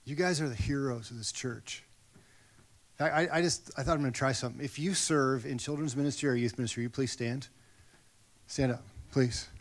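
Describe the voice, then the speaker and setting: A middle-aged pastor preaching a sermon in a church, telling a personal story with lively, acted-out quotes. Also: male voice, medium pitch, brisk. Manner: animated storytelling, acts out quoted voices. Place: church sanctuary.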